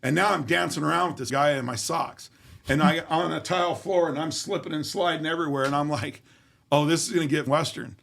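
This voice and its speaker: A man's voice: fairly high pitch, a little fast, gravelly, fairly bright tone. A man being interviewed, telling a story in a vivid, profane way and acting out the dialogue. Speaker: interview guest. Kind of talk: casual storytelling.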